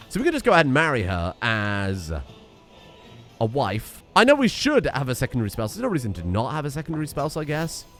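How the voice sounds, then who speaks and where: Young male streamer, wry and sarcastic, animated pitch, mid-range voice; narrates game events between quips. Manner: wry, sarcastic asides while reading game text aloud. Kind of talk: let's-play commentary.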